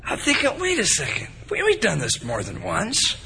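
High, animated preacher man. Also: normal speed, gravelly, background noise. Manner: animated, repetitive preaching with acted-out anecdotes. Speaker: pastor. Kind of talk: sermon.

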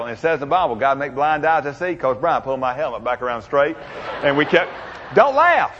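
A man's voice: a little high, sing-song, a little fast, a bit bright, muffled recording, slight background noise. Folksy older man in an echoey hall. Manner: folksy, humorous, drawling storyteller. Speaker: motivational speaker. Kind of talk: storytelling speech to an audience.

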